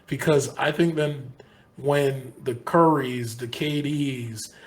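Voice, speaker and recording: A man's voice: mid-range voice, fairly even intonation, slow. A man co-hosting a sports podcast, talking casually in long, earnest, rambling stretches full of restarts. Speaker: podcast co-host.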